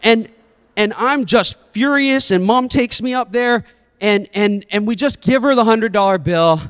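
A man's voice: high voice, unhurried, fairly bright tone, clean tone, clean studio sound. A young man preaching a sermon, telling a story with humor and dramatic flair. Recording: echoey church hall.

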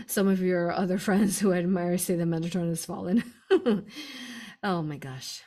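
A woman's voice: fairly low pitch, a little slow, mellow. A woman hosting a live spiritual stream, answering viewer questions in a chatty way, laughing often and calling listeners "you all".

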